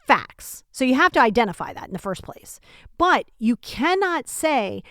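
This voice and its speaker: A woman's voice: high-pitched, sing-song, moderate pace, a bit bright, no room sound, studio quality. A woman hosting a self-help podcast from home, talking casually and emphatically straight to the listener, often asking rhetorical questions. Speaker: podcast host.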